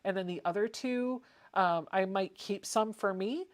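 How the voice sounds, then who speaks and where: A woman's voice: medium pitch, a little slow. A woman hosting a casual home livestream, chatting and reading viewer comments aloud. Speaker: livestream host.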